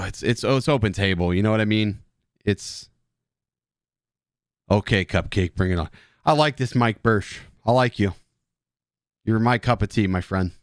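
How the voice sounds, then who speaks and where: A man chats loosely on a live stream with a beer in hand, rambling, joking and swearing at his viewers. His voice sits a little low, and the sound is close and dry, with no room around it. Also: no room sound. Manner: rambling, joking, profane banter with chat; drinking beer while talking. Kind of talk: casual live stream chat.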